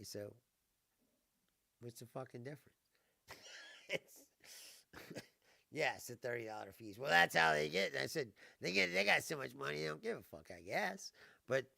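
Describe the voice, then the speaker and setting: A man's voice: on the high side, creaky, bright, forceful tone, no room sound, clean studio sound. A middle-aged man hosting a live stream, telling a story in a casual, exasperated rant, laughing and swearing as he goes. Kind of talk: casual ranting monologue.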